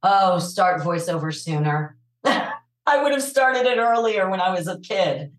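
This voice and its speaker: A woman with a New York accent and a low, raspy voice, chatting animatedly as an interview guest and laughing often. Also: expressive, a little slow, reverberant, low-quality recording. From New York City. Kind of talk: casual interview chat.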